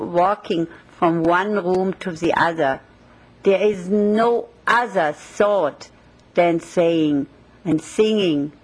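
A woman spiritual teacher delivers a devotional talk. She speaks slowly and meditatively, with a reverent, unhurried calm. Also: lowish voice, poor audio.

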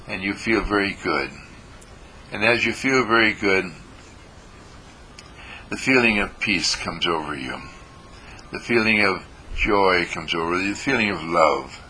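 An older man leading a guided meditation, speaking slowly and soothingly with deep audible sighs and breaths. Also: sharp tone, slight background noise, rough recording. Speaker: meditation teacher.

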